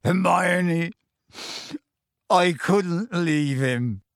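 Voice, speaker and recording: A man voicing a huge, gentle half-giant man who is anxious and close to tears, speaking in hushed, earnest tones with rustic grammar. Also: medium pitch, expressive, slow pace, gravelly, slightly rough, no room sound, exaggerated voice.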